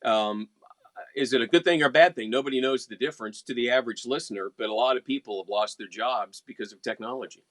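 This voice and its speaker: A man's voice: medium pitch, quick pace, fairly bright tone, no room sound. A man from West Virginia, a veteran radio announcer co-hosting a casual chat show, talking in an easygoing, wry, teasing way.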